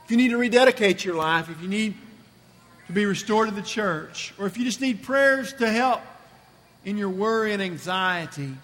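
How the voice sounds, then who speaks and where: A man's voice: high-pitched, expressive, moderate pace, a bit bright. A man preaching a sermon in a church, emphatic and repeating phrases for effect. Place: church sanctuary. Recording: long reverb from a church hall.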